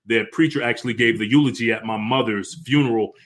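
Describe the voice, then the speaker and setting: A man's voice: mid-range voice, quick pace, fairly bright tone. A man hosting an interview, speaking earnestly and with admiration for his guest. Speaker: host.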